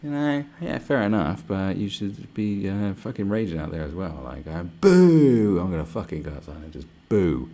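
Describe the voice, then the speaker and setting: A man's voice: sits low, normal speed, hardly any pauses, mellow. A man hosting a livestream, ranting sarcastically with lots of swearing. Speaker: livestream host. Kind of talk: livestream rant.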